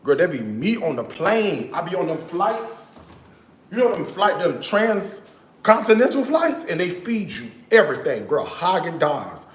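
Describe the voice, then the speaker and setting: A man hosting a cooking livestream from his home kitchen, chatting straight to his viewers in a casual, animated way, often dropping to a hushed, half-sung tone. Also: high voice, a little slow, reverberant. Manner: slips into hushed, half-sung tones now and then.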